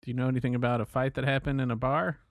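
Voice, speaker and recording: A man playing a tabletop game, chatting casually and a little hesitantly, with many "like"s. His voice sits at a middle pitch, and the recording is dry with no room sound. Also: little pitch movement, racing, dry recording. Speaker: player.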